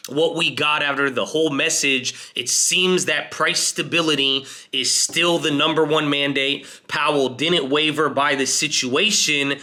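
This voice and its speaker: A man hosting a finance video, giving casual market commentary in a fast, excitable way as he explains to viewers. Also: fairly high pitch.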